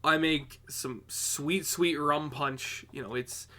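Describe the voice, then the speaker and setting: A young adult man co-hosting a podcast, sounding very tired, telling a story in a laid-back, drawn-out way. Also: on the high side, steady tone, sharp tone. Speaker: podcast co-host. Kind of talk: casual storytelling chat.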